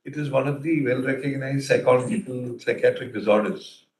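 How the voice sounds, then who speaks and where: Probing judge in an echoey courtroom. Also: male voice, medium pitch, fairly even intonation, fairly quick, darkish tone, a little hiss or hum. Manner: probing, thinks aloud with "uh, you know" fillers. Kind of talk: questioning from the bench. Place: large courtroom. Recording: roomy courtroom echo.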